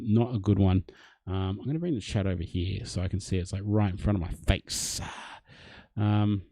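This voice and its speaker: A man's voice: medium pitch, dark tone, no room sound. A young Australian man hosting a casual livestream, chatting matily as he reads out and answers viewer comments. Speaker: livestream host.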